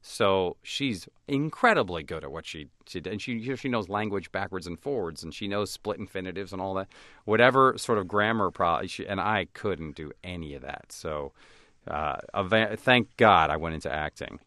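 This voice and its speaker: A man with a very low but bright, forceful voice, talking in an interview. He tells stories in an animated way and slips into other people's voices. The sound is dry and close. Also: normal speed, no echo. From United States. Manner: animated storyteller who acts out voices of others. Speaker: actor and comedian guest. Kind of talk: conversational interview.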